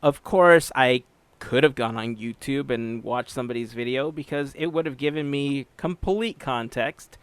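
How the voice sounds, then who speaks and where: A man's voice: medium pitch, normal speed, smooth, no room sound. Upbeat chatty podcast host man. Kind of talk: casual podcast chat.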